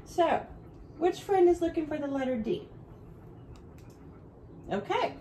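A woman teaching a home video lesson for young children, with a bright sing-song teacher voice that goes slow and clear for the kids. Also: high-pitched, expressive, slight background noise, low-quality recording.

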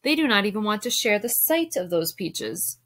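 A woman reading aloud as a sad, gentle male dragon, speaking slowly and formally. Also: medium pitch, big pitch swings. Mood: sorrowful. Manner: slow, formal, mournful.

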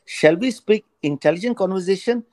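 A man in his fifties in a heated online debate, talking excitably and repeating words in quick bursts. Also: high-pitched, background noise. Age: 50s.

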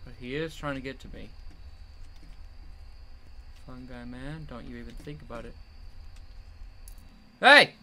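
A young man giving jumpy commentary while playing a horror game, yelling at the monster chasing him. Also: mid-range voice, fairly even intonation, very fast, few pauses, a little hiss or hum. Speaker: gamer.

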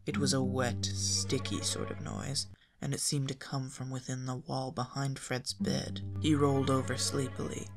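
A reader narrates a spooky fan fiction tale at a calm, even storytelling pace, in a middle voice. Faint music sits beneath the reading. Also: mid-range voice. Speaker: audiobook reader.

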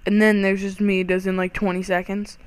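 A young man giving excitable, panicky let's-play commentary over a game, full of startled exclamations. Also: high-pitched, fairly quick, smooth, no room sound. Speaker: gaming channel host.

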